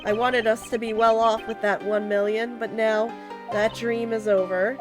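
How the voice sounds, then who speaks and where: Girl reading a sorry young guy in a game, earnest and quiet, fairly high voice, music behind. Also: level tone, normal speed, close to an everyday voice. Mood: remorseful. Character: remorseful young man confessing.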